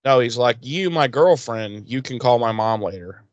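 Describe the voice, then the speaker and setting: A man's voice: medium pitch, lively intonation, normal speed, no room sound, dull audio. A man co-hosting a podcast, chatting casually and swearing a lot as he recaps an episode. He acts out the characters' lines with a mid-range voice. The sound is dry and close, with no room around it. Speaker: podcast co-host.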